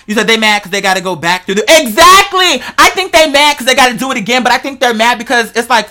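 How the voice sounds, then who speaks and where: In relaxed podcast banter, the host speaks straight to listeners, rambling animatedly through wild theories with plenty of slang and profanity. Pitch is medium, and the fast talk leaves few pauses.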